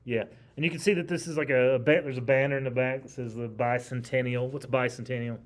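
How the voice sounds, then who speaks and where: A man with a medium-pitched, steady voice moves at a quick pace through a history lesson in class. His lecturing is emphatic yet conversational, and he keeps quizzing the students.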